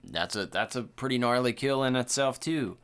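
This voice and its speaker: A man's voice: mid-range voice, moderate pace, smooth. A young man co-hosting a podcast, talking casually and profanely, acting out quotes. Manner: animated, profane, acts out quoted lines. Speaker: podcast co-host. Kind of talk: casual chat.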